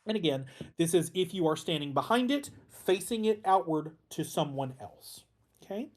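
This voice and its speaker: A man's voice: fairly high pitch, animated, normal speed. A man teaching a casual online class as instructor, talking informally with frequent ums and restarts and the odd dry joke. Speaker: heraldry instructor.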